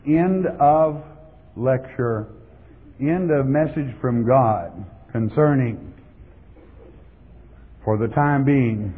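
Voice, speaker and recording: Here a pastor with a fairly high, breathy-edged voice gives an emphatic sermon full of repeated words. It sounds tinny and lo-fi, reverberating around a large hall.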